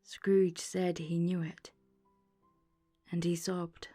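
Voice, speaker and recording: Slow, calm woman reading an audiobook. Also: on the low side. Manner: calm, measured storybook reading. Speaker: audiobook narrator. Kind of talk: bedtime audiobook narration. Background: soft ambient music.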